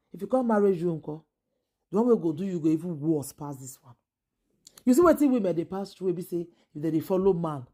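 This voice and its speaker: A Nigerian woman speaking Pidgin English, giving an exasperated vlog commentary. She keeps repeating phrases and swings from loud outbursts to low asides. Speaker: vlogger.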